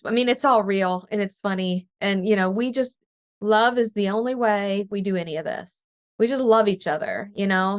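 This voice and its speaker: A woman talking as a spiritual medium on a relaxed podcast. She tells stories with energy and laughs easily, and her pitch climbs high when she acts out her own past reactions. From East Tennessee. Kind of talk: casual podcast conversation.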